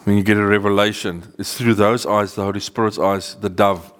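A man giving an earnest sermon to a seated group, often slowing down to stress key words. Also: on the low side, steady tone. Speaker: preacher. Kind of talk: sermon teaching to a live group. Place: meeting room with a seated audience.

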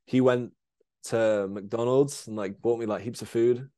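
A man's voice: mid-range voice, fairly even intonation, a little slow, mellow, dry recording, studio quality. A young man in casual chat, telling a long injury story with lots of fillers and swearing. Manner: rambling storyteller, swears a lot, many fillers. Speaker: guest, BMX rider.

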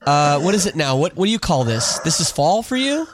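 A man's voice: on the high side, sing-song, a little fast, slight background noise. A man hosting a podcast, chatting casually over a call, rambling with plenty of fillers and restarts. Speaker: podcast host.

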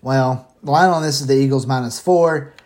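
A man's voice: mid-range voice, moderate pace, a little mellow. A man hosting a casual football picks show from home, rambling and swearing casually, short of breath as he talks. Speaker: sports picks host. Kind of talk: casual sports betting talk.

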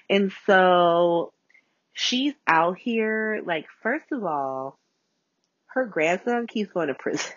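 A woman's voice: lively intonation, measured pace, breathy edge, no room sound. Chatty, swearing woman on a voice note. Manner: chatty, profane, swings pitch a lot. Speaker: podcast host. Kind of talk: casual solo podcast recap. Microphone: phone voice notes. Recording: dull lo-fi voice note.

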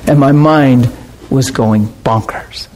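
A man preaching a sermon and telling stories, swinging from loud excitement to hushed, quiet asides. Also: medium pitch, takes it slowly, a little hiss or hum. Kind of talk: sermon storytelling.

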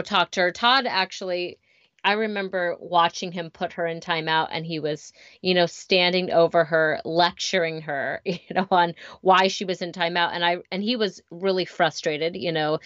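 A woman with a lowish, smooth, fairly bright voice, who is both a parent and a teacher, chats candidly in a casual conversation, telling stories about home and work with plenty of fillers. There's no echo, but the lo-fi recording sounds slightly dull.

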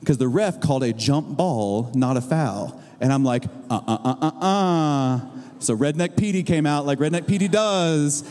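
A middle-aged man preaching a sermon, telling stories with a lively, animated delivery that swings from booming highs to low, drawn-out lines. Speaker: pastor. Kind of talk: sermon with storytelling. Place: church auditorium. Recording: long reverb of a large hall.

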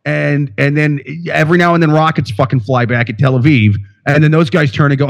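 Podcast co-host, male, from Iowa, slightly higher voice, rambling and profane with constant restarts. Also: brisk, few pauses. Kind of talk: casual podcast banter.

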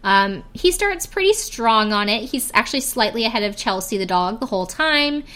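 A woman's voice: on the high side, lively intonation, moderate pace, a bit bright. A young woman hosting a casual podcast, recapping a reality show in a chatty, giggly way, full of "like" and "um". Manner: chatty, giggly, heavy use of "like" and "um". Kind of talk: casual chat.

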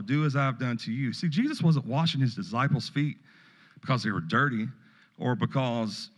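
A man's voice: medium pitch, a bit bright. A middle-aged male pastor giving a sermon in a folksy, conversational way, with storytelling asides. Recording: long reverb of a hall.

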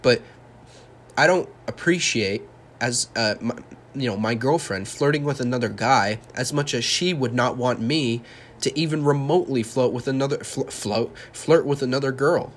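A man's voice: medium pitch, normal speed, slight background noise. A young man hosting a solo podcast, ranting heatedly and sarcastically, swearing a lot. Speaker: podcast host.

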